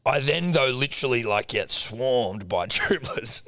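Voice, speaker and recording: A man's voice: medium pitch, lively intonation, unhurried, pushed and bright, dry recording, studio quality. A young man retelling a story in a casual podcast chat, laid-back and swearing often. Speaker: podcast co-host.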